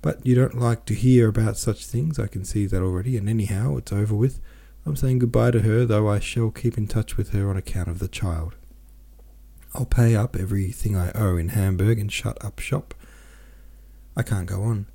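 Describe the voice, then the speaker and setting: A man's voice: fairly low pitch, normal speed, creaky, mellow. A man voicing an anxious, self-pitying middle-aged merchant who rambles in a plaintive, restless way, in an audiobook reading. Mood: pleading. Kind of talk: audiobook character voice.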